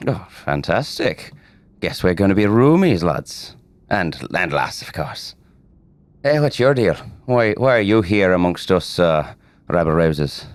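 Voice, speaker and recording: A man voicing a brash, scrappy male Irish marine, cheeky and quick with fillers, in character at a tabletop game. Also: low-pitched, very animated, no echo.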